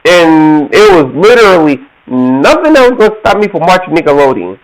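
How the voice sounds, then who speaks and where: A man's voice: on the high side, normal speed, rough recording. A man, casually telling a story and acting out other people's voices. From Georgia, USA. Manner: animated, laughs often, acts out quoted voices.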